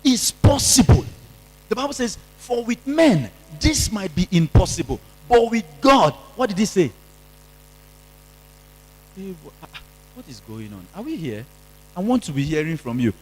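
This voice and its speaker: A man's voice: high voice, very animated, normal speed, long pauses, husky. A male pastor from Kenya preaching at a youth seminar, exhorting the audience and having them repeat lines after him. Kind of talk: youth seminar sermon with call-and-response. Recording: long reverb of a large hall.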